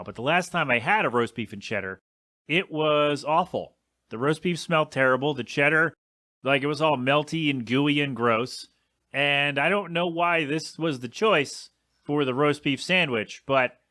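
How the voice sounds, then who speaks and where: A young adult man hosts a casual solo podcast, rambling and complaining in an exasperated way with some swearing. His mid-range voice is bright and forceful, recorded with clean studio sound and no echo.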